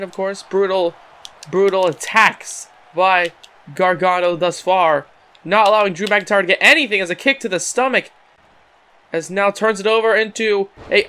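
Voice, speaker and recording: A man doing casual play-by-play commentary over a wrestling video game, excitable and often stumbling and repeating words. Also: high voice.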